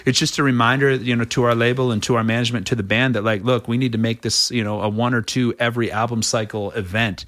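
A middle-aged man being interviewed as a rock singer, telling stories in a rambling, animated way with many restarts. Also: quick pace, hardly any pauses. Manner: rambling, many restarts, acts out quotes in a much higher voice. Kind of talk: animated casual interview storytelling.

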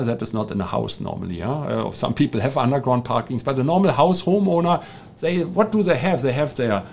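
A middle-aged man with a German accent, a podcast host and engineer talking casually, halting with many fillers and restarts. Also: fairly high pitch, vocal fry. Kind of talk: casual monologue.

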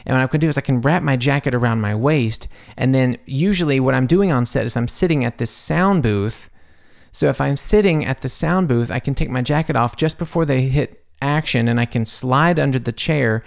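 A man with a gravelly, mid-pitched voice tells a long personal story from his home studio. He rambles through asides and restarts, and his voice jumps up whenever he quotes himself. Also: moderate pace. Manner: animated, jumps high when quoting himself. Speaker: podcast host. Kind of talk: casual storytelling monologue.

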